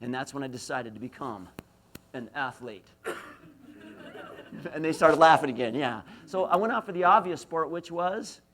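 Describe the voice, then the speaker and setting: A man's voice: fairly high pitch, expressive, normal speed, long pauses, fairly bright tone. A middle-aged man from Idaho giving a university lecture, telling self-deprecating stories and throwing questions to the audience. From Idaho, USA. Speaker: motivational speaker.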